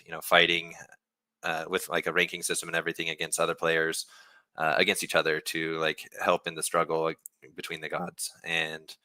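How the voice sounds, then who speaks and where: A man from a game studio explaining a new feature on a livestream Q&A, relaxed, with many fillers and restarts. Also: deep voice, clean tone, no room sound. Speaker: game developer.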